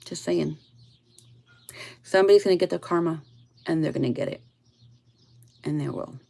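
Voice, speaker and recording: A woman's voice: moderate pace, creaky. Blunt, profane woman giving a spiritual reading. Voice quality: blunt and profane, drifting soft and low. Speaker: tarot reader.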